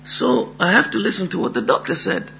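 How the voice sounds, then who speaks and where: A man's voice: sits high, big pitch swings, a little fast, vocal fry, sharp tone, lo-fi sound, a little hiss or hum, full character voice. A man voicing a frail, poor old man in a spoken folk tale, speaking meekly.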